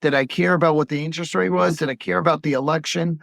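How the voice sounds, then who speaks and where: A man's voice: on the high side, steady tone, fast, vocal fry, a bit bright, no echo, studio quality. A man who is a pediatric gastroenterologist, talking in a casual podcast conversation and telling stories as he acts out the voices of patients' parents.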